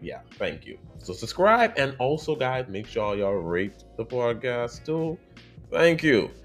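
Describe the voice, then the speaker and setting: A man with a Bahamian accent, hosting a podcast in a chatty, expressive monologue that speaks straight to his listeners. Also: mid-range voice, unhurried, soft background music. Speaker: podcast host.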